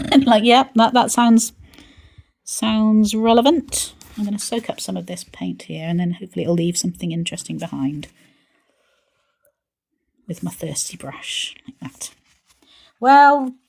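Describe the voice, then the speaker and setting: A woman hosting a live painting stream, chatting playfully to herself as she works and sometimes dropping to a soft mutter. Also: lowish voice, gravelly, slightly rough. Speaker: art channel host.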